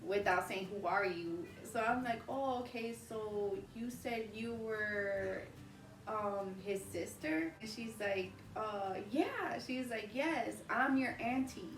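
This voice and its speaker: A woman in her thirties, a vlog host, telling a personal story in casual, animated chat and often breaking into laughter. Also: medium pitch, takes it slowly. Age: 30s. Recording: roomy, distant mic, faint ambience.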